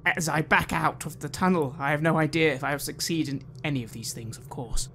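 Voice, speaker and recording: Man playing a gravelly, anguished scientist. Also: on the high side, a bit bright, a little hiss or hum. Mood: enraged. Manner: halting, anguished, bursting into rage. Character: desperate widowed male scientist with a cane. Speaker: player. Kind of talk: in-character first-person roleplay.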